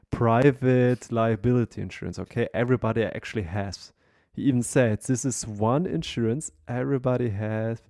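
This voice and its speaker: A man's voice: on the low side, mellow, no echo, studio quality. A man, telling a story in a casual podcast chat, with many fillers. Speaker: podcast co-host.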